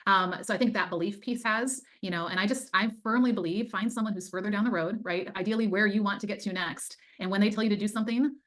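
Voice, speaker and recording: A woman's voice: mid-range voice, fast, few pauses, a bit bright. A middle-aged woman, a time management coach, telling her story as an interview guest in an earnest, faith-filled way. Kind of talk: casual interview chat.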